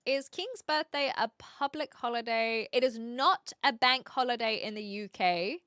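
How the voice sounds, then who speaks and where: A woman's voice: a little high, measured pace, a bit bright, no room sound, studio quality. A young woman from New Zealand with a Kiwi accent, chatting casually with her live-stream viewers and reading out their comments, with lots of fillers. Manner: chatty, reads chat aloud, many fillers.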